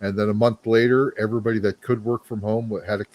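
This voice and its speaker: A man chats casually, in a laid-back and halting way, restarting his sentences. His voice sits on the low side. The recording is dry and close. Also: little pitch movement, a little mellow, dry recording. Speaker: podcast co-host. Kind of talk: casual chat.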